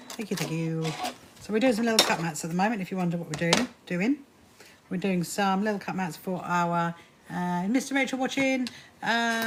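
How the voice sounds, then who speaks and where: A woman's voice: medium pitch, background noise. A woman hosting a casual sewing live stream from home, chatting with viewers and laughing often.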